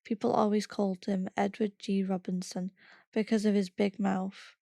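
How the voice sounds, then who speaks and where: A woman reading a first-person memoir aloud in a steady, plain storytelling manner. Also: medium pitch, normal speed, creaky, no echo, clean studio sound. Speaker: podcast reader.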